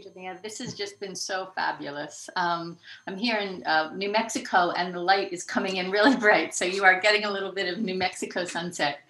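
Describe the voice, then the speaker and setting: A woman's voice: lowish voice, sharp tone. A woman co-hosting a radio interview from home on a video call. She speaks effusively and wanders, with many fillers. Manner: effusive and meandering, full of fillers. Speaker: co-host, publisher. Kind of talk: interview on an online radio show. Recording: echoey room on a video call.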